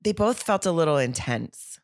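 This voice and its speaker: A woman's voice: low voice, expressive, normal speed, dry recording, clean studio sound. A woman co-hosting a casual chat podcast, gushing and doing playful impressions. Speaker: podcast co-host.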